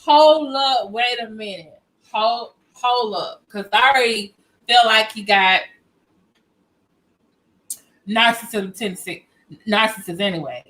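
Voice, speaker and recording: A woman giving sassy reaction commentary in a high, bright voice. She speaks straight to her viewers and talks animatedly. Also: rough recording. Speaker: commentary YouTuber.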